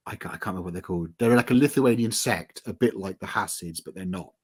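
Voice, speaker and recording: Husky-voiced chatty man. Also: low voice, quick pace, darkish tone. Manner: chatty, self-deprecating, rambling with asides. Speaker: author guest. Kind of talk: casual conversational interview.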